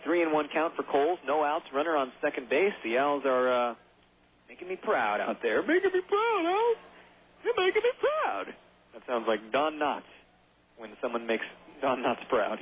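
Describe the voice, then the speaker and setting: A hoarse man calling baseball play-by-play on the radio, chatty and rambling, with self-deprecating asides. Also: medium pitch, normal speed. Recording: tinny phone-like radio broadcast.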